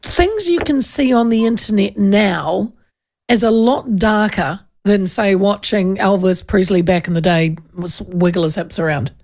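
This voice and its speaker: A woman hosting a talkback radio show, chatty and emphatic, quick to agree with callers. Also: mid-range voice, darkish tone. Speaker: talk radio host. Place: radio studio.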